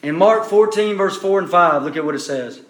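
A man preaching a sermon, emphatic and repeating his phrases, dropping to hushed questions to the listeners. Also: high-pitched, lively intonation, moderate pace. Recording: echoey room.

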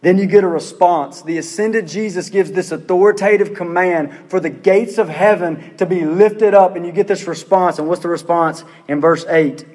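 High-voiced man preaching in a reverberant hall. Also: darkish tone. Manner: earnest preaching, rhetorical questions, repeats phrases. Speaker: pastor. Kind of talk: sermon.

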